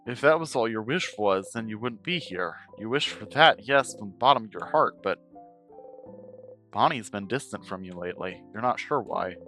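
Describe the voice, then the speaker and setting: A man's voice: lowish voice, expressive, normal speed, sharp tone. A man streaming a game playthrough who reads its second-person narration aloud and comments on it as he plays. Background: faint game music.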